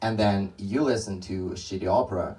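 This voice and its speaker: A man's voice: sits low, brisk, mellow, far from the mic, rough recording. A young man doing a stand-up comedy set on a club stage, telling rambling stories with many restarts.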